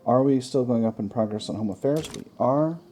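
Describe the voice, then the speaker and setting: A man's voice: medium pitch, fairly quick, dark tone, slight background noise. A man hosting a gaming channel, chatting through a strategy game, thinking aloud with wry self-mocking asides.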